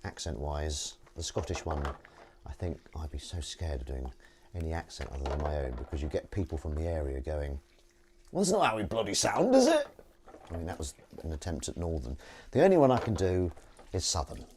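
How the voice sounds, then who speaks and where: With a very deep voice and a slightly fast pace, a man chats and jokes with his livestream viewers while washing up in his home kitchen. He's chatty and rambling, throwing in jokey asides, and the recording carries dish clatter, clinking cutlery and water sounds.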